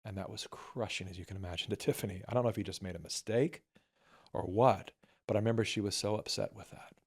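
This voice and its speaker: Gravelly low-voiced man telling stories. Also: quick pace. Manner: candid, quoting others in softer voices. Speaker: guest filmmaker. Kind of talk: storytelling conversation.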